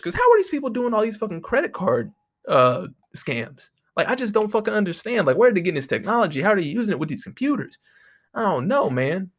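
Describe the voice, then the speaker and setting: A man hosting a podcast, ranting casually in a profane, exasperated way, close to the microphone. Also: on the high side. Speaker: podcast host.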